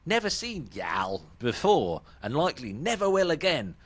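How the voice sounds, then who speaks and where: A man's voice: fairly high pitch, wildly swooping pitch, normal speed, voice pushed up. A British man reading out an angry male online commenter's rant in a mocking put-on voice. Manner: mock-indignant comic reading.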